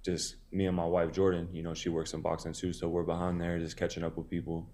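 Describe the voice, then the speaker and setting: Deep, mellow-voiced man telling a story. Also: completely flat delivery, quick pace. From Tennessee. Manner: laid-back, many "you know" fillers, acts out quoted dialogue. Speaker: boxer, interview guest. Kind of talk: casual storytelling interview.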